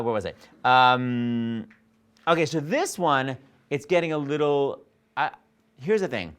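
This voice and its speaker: A man coaching a singer in a master class, animated and jokey, acting out lines and scatting melodies. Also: medium pitch. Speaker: vocal coach. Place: studio or rehearsal room.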